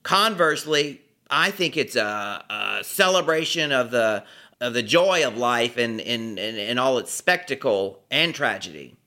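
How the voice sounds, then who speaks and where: A man's voice: medium pitch, expressive, unhurried, sharp tone. A man doing a gushing, tipsy male friend. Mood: earnest.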